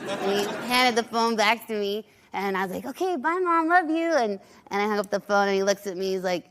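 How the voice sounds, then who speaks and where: A woman telling an animated anecdote as a talk show guest, mimicking voices. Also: medium pitch, brisk. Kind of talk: storytelling anecdote. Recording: noisy studio recording.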